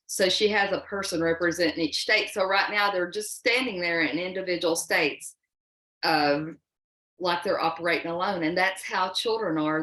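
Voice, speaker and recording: A woman's voice: lowish voice, fairly bright tone, reverberant. A woman presenting a parenting workshop in a folksy, emphatic, conversational way. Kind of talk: live workshop talk. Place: workshop room.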